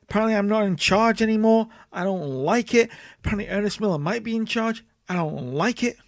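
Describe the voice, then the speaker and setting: A man's voice: sits high, brisk, dry recording, clean studio sound, voice pushed up. A man doing a panicked wrestling veteran. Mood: worried. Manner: rambling, repeats himself.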